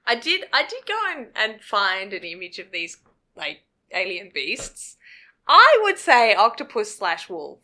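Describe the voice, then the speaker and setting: Bright, lively woman co-host. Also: mid-range voice. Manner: enthusiastic, quick to agree, asks questions. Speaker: podcast co-host. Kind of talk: casual chat.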